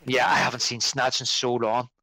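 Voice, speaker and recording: A man's voice: medium pitch, flat delivery, normal speed, sharp tone, no echo, rough recording. A man, a podcast guest in casual chat, rambling and correcting himself as he talks. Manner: rambling, self-correcting, conversational.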